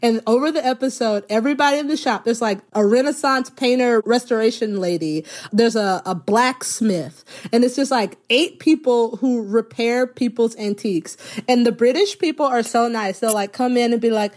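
Woman comedy writer, slightly high voice, lively storyteller who acts out quotes. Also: fairly quick, few pauses. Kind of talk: casual chat.

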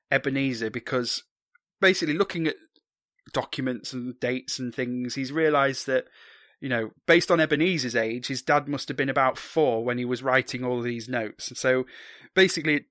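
A man's voice: mid-range voice, moderate pace, a bit bright, dry recording, clean studio sound. A man casually recapping a film on a podcast, joking and swearing with many ums. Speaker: podcast co-host.

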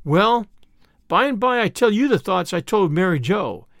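A man's voice: high voice, lively intonation, moderate pace, vocal fry, fairly bright tone, no room sound, clean studio sound, full character voice. A man reading the part of an eager, earnest little boy with polite, old-fashioned speech.

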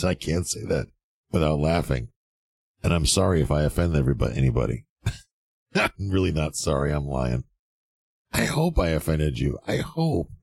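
Super deep gravelly guy ranting sarcastic about real estate schemes, dry close sound. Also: darkish tone, no room sound. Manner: sarcastic, mocking, acts out quoted people. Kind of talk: blunt advice monologue.

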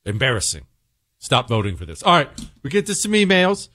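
On his radio talk show, a man rants sarcastically in a sharp tone, his pitch swooping wildly between mocking highs and low, earnest sponsor reads. He talks fairly quickly, and the recording has no room sound.

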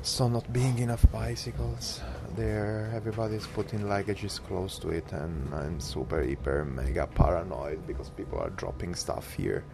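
A man's voice: low-pitched, normal speed, creaky, hardly any pauses. Rambling man vlogging on a noisy train. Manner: rambling, self-talk. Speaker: cycling vlogger. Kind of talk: casual travel vlog. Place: train and station.

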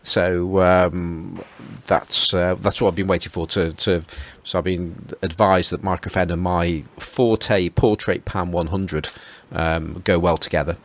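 A man's voice: sits low, little pitch movement, a little slow, few pauses. A man hosting a casual group chat, talking hesitantly with many fillers and restarts. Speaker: podcast host.

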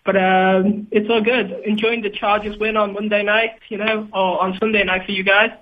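A man's voice: high-pitched, flat delivery, normal speed. A man from England with a Liverpool accent calling into a podcast, rambling good-humoredly with many fillers. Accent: Liverpool English. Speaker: caller. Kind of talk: casual phone call. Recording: thin phone line.

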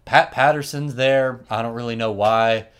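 A man hosting a podcast, telling a story in an animated, wry, casual way and laughing often. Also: mid-range voice, moderate pace, smooth. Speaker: podcast host.

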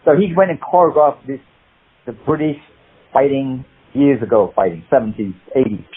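A man in an interview, an animated storyteller who rambles through anecdotes over a tinny phone-like line. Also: mid-range voice, normal speed, husky. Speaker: guest, martial arts actor.

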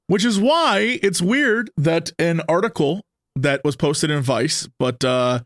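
A man with a high voice tells a story on a casual podcast, lively and animated, acting out what people said. The recording is close and dry, with no room sound. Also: slow pace, no room sound. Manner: animated, acts out quotes with raised voice. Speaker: guest on a podcast.

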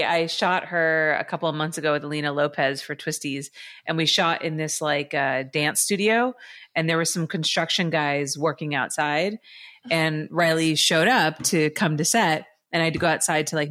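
Woman, podcast guest, candid storytelling, casual chat, lower pitch. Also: a bit bright. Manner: candid, storytelling, swears freely.

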